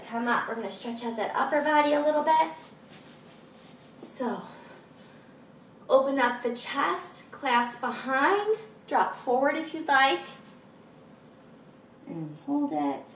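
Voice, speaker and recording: A woman's voice: sits high, sing-song, slow, long pauses, reverberant, far from the mic. A woman in her thirties with a froggy, scratchy throat, guiding a stretching routine and chatting encouragingly between cues. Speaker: fitness instructor. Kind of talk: guided stretching with chatty asides.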